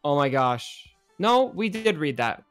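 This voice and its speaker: Casting: young male co-host, fairly high voice, excitable gaming chat, faint music behind. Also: a little slow, clean tone. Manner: chatty, excitable, laughs often. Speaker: podcast co-host. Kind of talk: casual gaming chat, reading comments.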